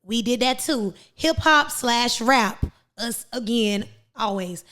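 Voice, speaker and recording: High-voiced American woman ranting emphatically. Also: slow pace. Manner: animated, emphatic, preachy ranting. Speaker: podcast host. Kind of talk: casual chat.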